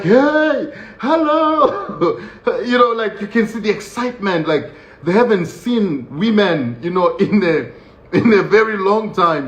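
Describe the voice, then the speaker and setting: A man telling his own story in a casual, animated way, laughing often and acting out the voices of others. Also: high voice. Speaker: show host recounting his own experience. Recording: roomy, dull lo-fi sound with faint hiss.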